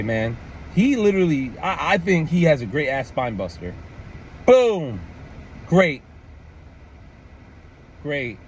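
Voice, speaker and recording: A man's voice: fairly high pitch, a little hiss or hum. A man ranting about wrestling in casual, profane commentary, full of "man" and "like" and mocking voices. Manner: animated, profane, repeats "man" and "like".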